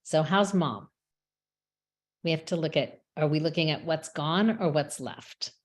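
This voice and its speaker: A woman giving a measured, reflective prepared talk as a webinar speaker, with small restarts now and then. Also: low-pitched. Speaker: rabbi and chaplain speaker. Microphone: webinar microphone.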